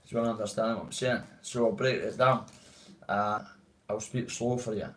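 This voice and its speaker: Speaking in a Dundee accent, a Scottish livestreamer chats on and on with his audience, calling them mate as he rambles through casual live talk. He has a lowish, fairly even, slightly bright voice at a moderate pace, captured in poor audio.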